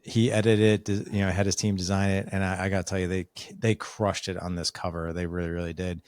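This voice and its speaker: A man's voice: low voice, quick pace, clean tone, no room sound, studio quality. A man talking as a podcast guest, telling a story casually and acting out the lines of people in it. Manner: animated storyteller acting out quoted dialogue.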